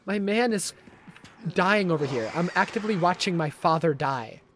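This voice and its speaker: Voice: mid-range voice, animated, normal speed, a bit bright, a little hiss or hum. A live game streamer commenting on gameplay, swearing freely, complaining dramatically and laughing often.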